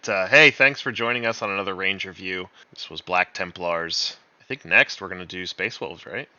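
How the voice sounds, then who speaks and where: A man co-hosting a casual chat, animated and laughing often. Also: deep voice, moderate pace, no room sound, highs cut off. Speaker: co-host.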